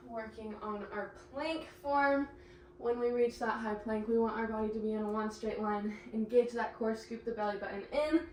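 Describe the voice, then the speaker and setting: A young woman guides a pilates class, cueing each move and counting down while she works out herself and runs short of breath. Her voice sits a bit high, and it comes from some distance in an echoey room with faint background noise. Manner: encouraging cues, breathless laughs while exercising. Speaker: pilates instructor. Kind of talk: instructing a workout class.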